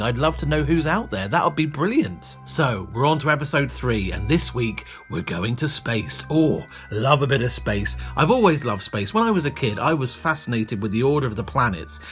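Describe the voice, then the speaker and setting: A man's voice: medium pitch, a bit bright. A male comedian hosting a podcast, chatting playfully and joking at his own expense. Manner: chatty, playful, self-mocking. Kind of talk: casual podcast monologue.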